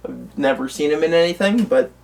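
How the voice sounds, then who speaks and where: A man with a slightly high voice talks casually as co-host, with plenty of ums and false starts. He sits back from the microphone, so he sounds a little distant. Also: fairly quick, creaky, a little mellow, a little hiss or hum. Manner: rambling, many fillers and restarts. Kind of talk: casual chat about movie news. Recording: voice from away from the mic.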